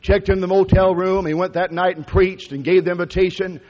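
High-pitched preacher guy telling a story in church, folksy and rambling, muffled old recording. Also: level tone, brisk, a little mellow. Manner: folksy, conversational storytelling with repeated restarts. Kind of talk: storytelling sermon. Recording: lo-fi recording with long hall reverb.

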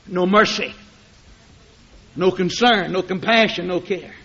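A fiery preacher man with a high, bright voice swings from hushed, low passages to drawn-out shouts. The recording sounds dull and lo-fi, like an old tape of a church service. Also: vocal fry, slightly rough. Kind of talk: fiery sermon.

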